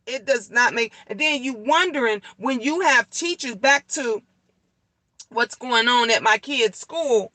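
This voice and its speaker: A woman's voice: high-pitched, sharp tone, no echo, rough recording. A middle-aged woman venting in a casual vlog on her lunch break, blunt and profane, repeating her points for emphasis. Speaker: leasing office worker vlogging on her lunch break.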